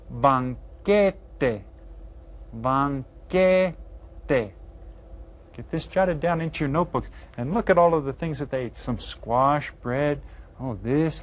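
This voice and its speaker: A man teaching an elementary Spanish video lesson. He is upbeat, playful and encouraging, and he draws out each new word slowly and carefully. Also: mid-range voice.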